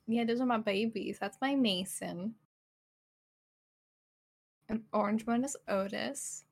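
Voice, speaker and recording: A woman's voice: fairly high pitch, slow, creaky. Playful, giggly woman chatting on a stream. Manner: playful and giggly, stumbling restarts. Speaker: livestream podcast co-host. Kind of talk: casual chat.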